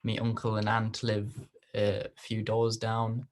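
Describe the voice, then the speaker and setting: A man's voice: on the low side, monotone, unhurried, a little hiss or hum. A man hosting a casual interview, laid-back and chatty, with a groggy morning voice and frequent ums. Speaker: host.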